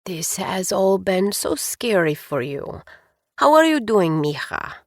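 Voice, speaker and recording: A hoarse, frail old woman of 83, voiced by a woman narrating an audiobook. She speaks slowly and softly, calm and tender. The recording is close and dry, with no room sound. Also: mid-range voice, no echo, exaggerated voice. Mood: gentle. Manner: slow, soft and gentle. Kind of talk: audiobook character voice.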